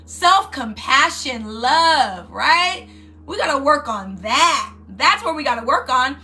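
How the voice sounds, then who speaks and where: A woman in her thirties, a life coach giving an animated motivational talk who keeps asking her listeners "right?". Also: high-pitched, unhurried, faint music behind.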